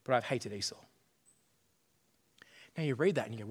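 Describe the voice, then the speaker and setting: A middle-aged man preaching a sermon, animated and jokey, often repeating his phrases. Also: medium pitch, normal speed, long pauses, husky. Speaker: pastor. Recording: long hall reverb.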